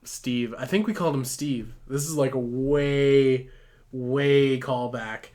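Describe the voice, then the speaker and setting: A man's voice: mid-range voice, fairly even intonation, slow, darkish tone. A man livestreaming while building with toy bricks, improvising a silly story in a rambling, swearing way, laughing often.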